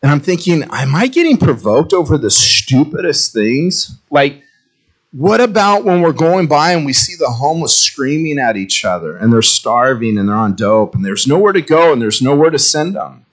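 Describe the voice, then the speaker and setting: A male pastor preaching a sermon in a conversational, self-mocking way, telling animated stories. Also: fairly high pitch, normal speed.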